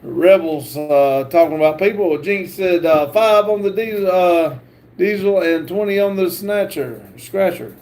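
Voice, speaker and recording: A man hosting a livestream, reading viewer comments aloud with halting pauses and fillers. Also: high voice, darkish tone, slight background noise. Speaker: livestream host.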